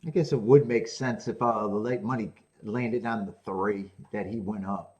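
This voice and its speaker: A man's voice: on the low side, fairly even intonation, moderate pace, darkish tone, muffled recording. A man hosting a live horse racing stream, musing aloud about betting odds and chatting casually with his viewers. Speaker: horse racing show host.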